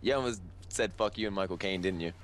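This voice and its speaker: A man's voice: low-pitched, quick pace. A man co-hosting a casual podcast chat, bantering playfully and laughing often. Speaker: podcast co-host.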